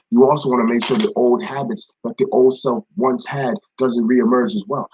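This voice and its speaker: Husky-voiced man giving a casual devotion. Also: medium pitch, poor audio. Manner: conversational, repeats phrases for emphasis, greets viewers by name. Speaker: ministry devotion leader. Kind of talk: informal devotional talk.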